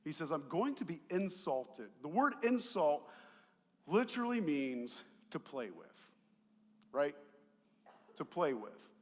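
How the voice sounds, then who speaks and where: A man preaching a sermon as pastor, animated and conversational, swinging from loud emphatic peaks to quiet asides, with jokes and rhetorical questions. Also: a little high, slow pace, pauses often, in a large hall. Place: church auditorium.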